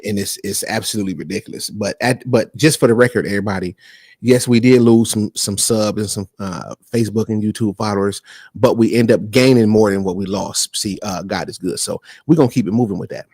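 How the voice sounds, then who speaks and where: A man's voice: on the low side, fairly quick, darkish tone, slightly rough, no room sound, clean studio sound. Emphatic man hosting a live talk stream. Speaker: host. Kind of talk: casual live-stream discussion.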